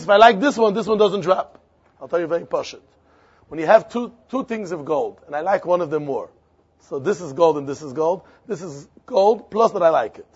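Guy w ish teaching talmud, super high husky voice, keeps repeating himself. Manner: repeats phrases, poses and answers questions. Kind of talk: Talmud lesson. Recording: dull lo-fi recording with faint crowd.

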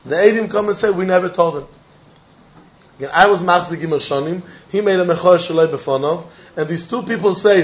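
A man's voice: high voice, a little fast, highs cut off, a little hiss or hum. A man teaching a Talmud class, repeating points with emphatic sing-song delivery and mixing in Yiddish and Hebrew terms.

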